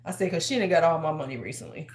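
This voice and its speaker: A woman's voice: low voice, lively intonation, very fast. Chatty sassy woman in an echoey room. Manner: chatty, sassy, gives advice like a big sister. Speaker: host. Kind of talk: casual livestream chat. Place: large room at home. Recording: roomy echo.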